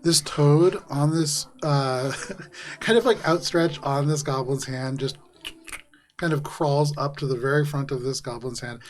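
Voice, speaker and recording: A man's voice: fairly high pitch, a little slow. A man running a live tabletop game as dungeon master, narrating in a loose, laughing style full of fillers. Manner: lively, laughing, many fillers like "like".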